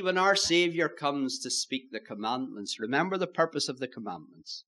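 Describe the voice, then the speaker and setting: A man preaching a sermon, moving between loud stresses and hushed, solemn phrases. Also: a little high, animated, normal speed, few pauses. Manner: old-fashioned preaching, swinging from loud emphasis to hushed.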